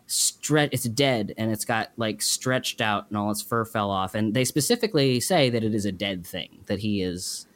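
A man co-hosting a podcast, chatting casually in an animated, rambling and emotional way. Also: lowish voice, moderate pace, hardly any pauses, no echo. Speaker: podcast co-host. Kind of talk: casual chat.

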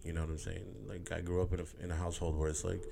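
A man's voice: low voice, little pitch movement, rapid-fire, creaky, warm tone, slight background noise. A man talking candidly to his viewers in a rambling, emotional way, repeating words and swearing casually. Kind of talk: candid personal monologue.

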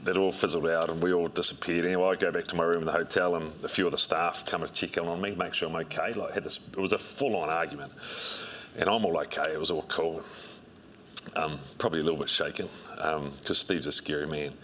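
A middle-aged New man with a remarkably low voice tells stories in a relaxed, rambling way, stopping for ums and restarts. A faint hiss sits under his voice. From New Zealand. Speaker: strength and conditioning coach, guest. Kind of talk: interview storytelling.

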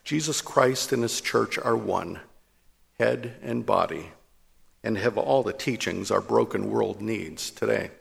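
A man with a deeply gravelly, husky voice delivers a sermon as a priest. He speaks in a measured, emphatic way, slowing to stress each point, and his voice carries a long hall reverb.

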